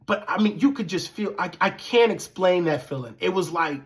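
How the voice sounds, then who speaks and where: A man telling a personal story casually, animated and profane, acting out the dialogue. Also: sits high, moderate pace. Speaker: vlogger.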